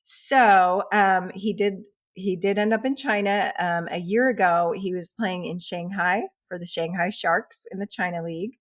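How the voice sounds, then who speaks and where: A woman co-hosting a casual news podcast, upbeat and quick with agreement. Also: fairly low pitch, steady tone. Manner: upbeat, laughs easily, quick backchannels. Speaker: podcast co-host.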